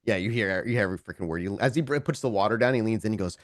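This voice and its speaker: A man's voice: on the low side, rapid-fire, hardly any pauses, no echo. Man, casual game master narrator, dry close mic. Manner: relaxed, rambling narration.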